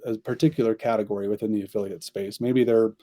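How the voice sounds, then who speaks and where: A man's voice: on the low side, steady tone, fast, dark tone, no echo. A man, a company chief executive, answering interview questions at length in an upbeat way. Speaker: agency CEO, podcast guest.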